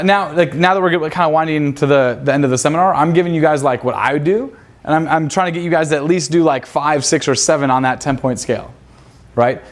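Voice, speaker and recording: A man leading a live seminar, brash and profane, firing rhetorical questions at his audience. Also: on the high side. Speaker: seminar instructor.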